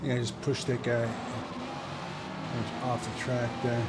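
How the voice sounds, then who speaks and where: A man's voice: mid-range voice, completely flat delivery, a little slow. Rambling man chatting over a racing game. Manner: rambling, chatty, self-interrupting. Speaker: gaming channel host. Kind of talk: casual let's-play commentary. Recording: game audio and engine noise underneath. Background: race car engine sounds.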